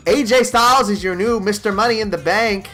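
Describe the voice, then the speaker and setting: A man giving mock play-by-play wrestling commentary over gameplay, excitable like a hype announcer. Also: high voice, brisk, faint music behind.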